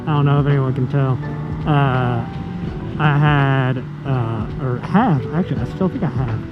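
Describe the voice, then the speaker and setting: A young man with a hoarse voice from laryngitis, chatting casually and rambling while riding a motorcycle, talking through a helmet mic. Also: mid-range voice, a little slow, loud music behind the voice. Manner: rambling, filler-heavy, says "like" often. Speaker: motovlogger. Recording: muffled, loud road and wind noise.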